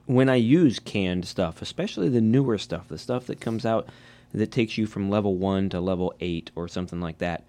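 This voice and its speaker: Low-voiced, reflective man on a podcast. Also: moderate pace, warm tone. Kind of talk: casual gaming podcast chat.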